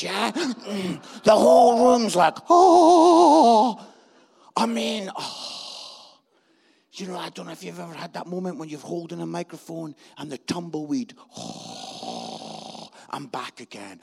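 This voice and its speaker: A man's voice: very high-pitched, vocal fry, slightly rough. A man, a pastor telling a comic story in a sermon.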